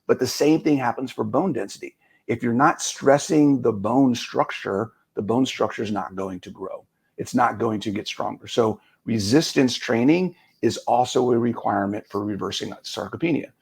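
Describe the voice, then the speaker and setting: A man's voice: medium pitch, moderate pace, vocal fry, darkish tone, husky. A man, a guest coach, explaining energetically in a casual podcast discussion, now and then quoting what the body says.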